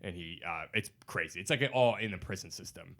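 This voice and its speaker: A man's voice: low voice, brisk, gravelly, fairly bright tone. A man hosting a podcast in casual chat, enthusiastic and swearing freely as he runs through film lists. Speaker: podcast host.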